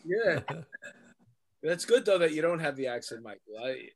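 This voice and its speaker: A man hosting a casual podcast with a New York accent. His voice sits a touch higher than most men's, and his talk is loose and joking, full of fillers and asides while he reads out comments from listeners. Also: expressive, moderate pace. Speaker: podcast host.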